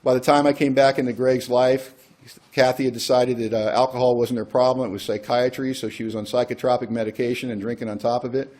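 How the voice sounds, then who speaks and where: A man's voice: medium pitch, flat delivery, quick pace, darkish tone. A man speaking at a recovery workshop, telling a personal story in a conversational way and acting out the voices of people he quotes. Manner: conversational, acts out quoted dialogue.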